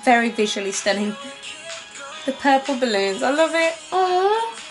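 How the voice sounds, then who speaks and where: Young woman, high-ish voice, excitable, rambling with fillers, faint background music. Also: moderate pace. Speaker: reaction video host. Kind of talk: casual reaction commentary. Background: music playing faintly.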